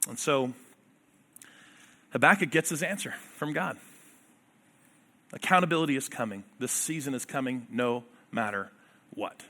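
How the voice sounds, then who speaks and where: A man preaching a sermon. He reads scripture aloud and explains it, swinging from loud emphatic passages to hushed ones. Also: mid-range voice, normal speed, pauses often. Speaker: pastor.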